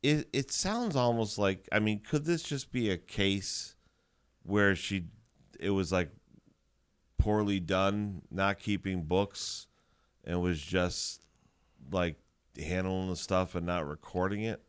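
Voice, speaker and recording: A man co-hosting a morning radio show, bantering in an animated, incredulous way. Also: low-pitched, takes it slowly, clear, resonant tone. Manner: animated, incredulous, laughs often. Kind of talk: casual banter.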